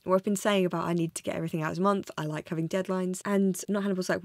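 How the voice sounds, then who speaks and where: A woman's voice: mid-range voice, fairly even intonation, fast, few pauses, no room sound, clean studio sound. A woman in her twenties, talking alone in a room in a rambling, self-deprecating vlog monologue. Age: 20s. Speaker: vlogger.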